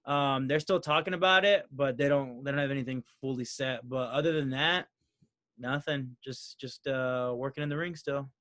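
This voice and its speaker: A young adult man, a professional wrestler, chatting casually and telling relaxed anecdotes. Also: mid-range voice, moderate pace, no echo, studio quality. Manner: laid-back anecdotal storyteller, says "bro". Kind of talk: casual chat.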